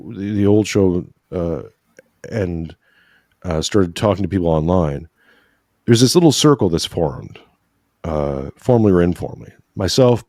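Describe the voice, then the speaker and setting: Deep and warm, this man's voice comes through studio-quality audio with no echo. As a guest on a podcast about religion, he speaks earnestly and somewhat preachily about faith, now and then turning emotional and frequently ending points with "right?"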